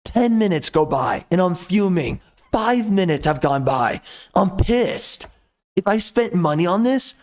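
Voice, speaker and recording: A man's voice: sits high, expressive, a little slow, darkish tone. A man giving a ranting commentary, blunt and repetitive, venting frustration at length. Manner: ranting, repeats himself, blunt. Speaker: video commentator.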